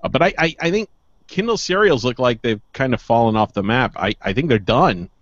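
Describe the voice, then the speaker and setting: A man's voice: mid-range voice, animated, a bit bright, dry recording, highs cut off. A man co-hosting a podcast, chatting casually with frequent fillers and restarts. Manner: halting, many fillers and restarts. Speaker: podcast co-host.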